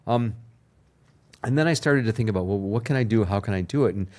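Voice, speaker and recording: An older man with a fairly low voice, a guest in an interview. He tells his story with energy and acts out the other people's lines. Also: a little fast, a little mellow. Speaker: TV producer, podcast guest.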